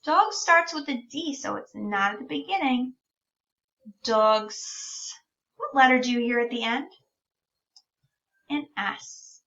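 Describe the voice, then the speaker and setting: Slow, bright-voiced woman teaching speech sounds. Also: sits high, lively intonation, vocal fry. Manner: slow, drawn-out sounding out of words. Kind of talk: speech-sound lesson for young children. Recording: distant, dull lo-fi recording.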